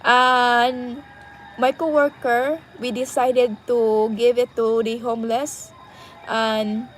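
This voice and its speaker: A young woman with a Cebuano Filipino accent, telling a personal story casually and pausing often to find her words. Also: a little high, a little hiss or hum, low-quality recording. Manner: halting, searching for words. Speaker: vlogger.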